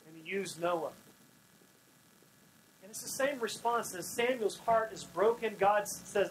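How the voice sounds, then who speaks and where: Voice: mid-range voice, measured pace, long pauses, poor audio. A pastor preaching a sermon in a folksy, storytelling way, acting out the scenes in dialogue. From Oklahoma.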